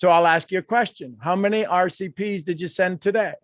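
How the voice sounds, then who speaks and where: A man hosting a live video-call coaching session, animated and repeating phrases as he encourages guests. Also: high voice, fairly quick, no room sound, clean studio sound. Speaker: host.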